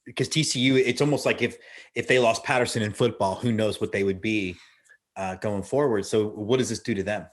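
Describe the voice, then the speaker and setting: A man's voice: fairly low pitch, a little fast. A man co-hosting a sports podcast, who steers the conversation with questions and short agreements. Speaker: podcast co-host. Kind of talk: casual sports talk.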